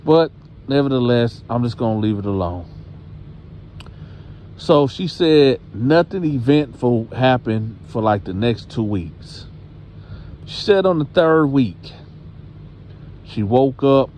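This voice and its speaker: Male host telling a story casually, unhurried, mid-pitched, talks straight to the audience. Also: a little hiss or hum. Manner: animated, conversational, addresses the audience directly.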